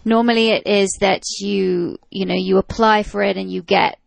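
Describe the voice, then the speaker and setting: A woman's voice: medium pitch, fairly even intonation, moderate pace, gravelly, no echo. A jet-lagged, giddy woman co-hosting a podcast, chatting casually and telling stories while laughing easily. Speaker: podcast co-host. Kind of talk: casual chat.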